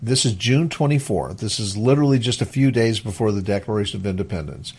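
A man's voice: on the low side, a little mellow, husky. A man lecturing, reading historical resolutions aloud with slips and restarts, then explaining them in plain everyday words. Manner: reads formal text haltingly, then explains it in plain words.

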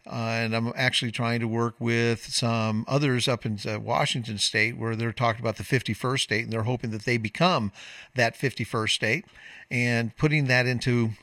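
A male call-in radio host delivers a long, emphatic monologue and wanders into side points. His tone is bright and pushing. The sound is dry and a touch distant from the microphone. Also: medium pitch, dry recording. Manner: lecturing, emphatic, drifts into tangents. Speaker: radio talk show host.

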